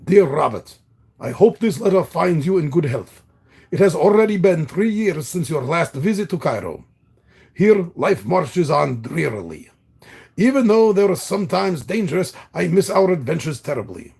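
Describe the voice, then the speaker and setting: A man's voice: a little high, sing-song, moderate pace, gravelly, darkish tone, slightly rough, voice pushed down, exaggerated voice. Man putting on an odd-accented old friend. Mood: earnest. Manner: put-on foreign accent, formal letter reading. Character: old male friend writing an excited letter.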